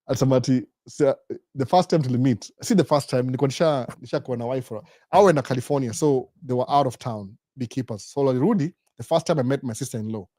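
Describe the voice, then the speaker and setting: A man's voice: mid-range voice, quick pace, mellow, no echo, clean studio sound. A middle-aged Kenyan man with a Kenyan accent hosting a casual live Q&A stream, rambling through stories and acting out the voices of the people he quotes. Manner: rambling storyteller, acts out quoted voices, often adds "by the way". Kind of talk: casual live-stream chat mixing Swahili, Sheng and English.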